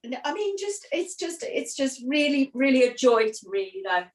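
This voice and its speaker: A woman's voice: sits high, very animated, normal speed. Giggly older woman. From England. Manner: giggly, bragging playfully. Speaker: host's mother, co-host. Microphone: video call.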